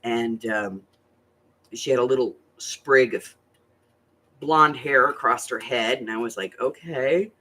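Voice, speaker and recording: Husky older woman, crafting host, bright tone, animated and foul-mouthed storyteller. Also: rumbling low, a little slow, pauses often. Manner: animated, chatty, swears freely. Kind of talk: casual storytelling chat.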